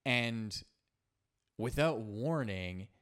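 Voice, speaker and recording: A man hosting a solo podcast, telling a personal story in an earnest, halting way with frequent restarts and fillers. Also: mid-range voice, animated, a bit bright. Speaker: podcast host.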